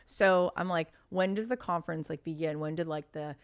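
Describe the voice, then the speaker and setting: A woman in her thirties, a podcast guest telling stories in casual conversation, chatty and animated with lots of fillers. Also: deep voice, moderate pace, clear, resonant tone.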